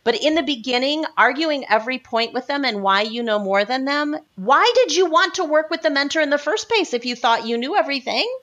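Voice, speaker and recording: A woman copywriter, a guest on a podcast interview, talking in an animated and emphatic way and repeating her points for stress. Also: high-pitched, a little fast, hardly any pauses. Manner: animated, acts out other people's lines in quotes.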